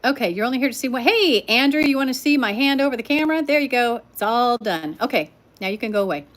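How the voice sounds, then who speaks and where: A woman's voice: on the high side, lively intonation, fast. An older woman telling a story to her live-stream viewers in a chatty, teasing way, talking straight to them. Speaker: livestream storyteller.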